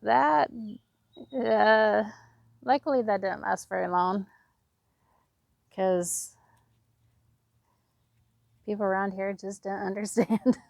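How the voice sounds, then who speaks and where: Speaking slowly in a mid-range voice with vocal fry and frequent pauses, a home gardener chats away on a dry recording. She's in her fifties, from Oregon with a West Coast accent, and laughs often as she talks to herself and viewers while planting her garden outside for a casual vlog.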